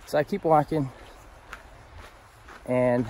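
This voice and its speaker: A man on a long-distance hike telling a story casually, animated and profane, laughing as he goes. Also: medium pitch, slow, a little hiss or hum. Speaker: thru-hiker vlogger. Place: outdoors on a mountain trail.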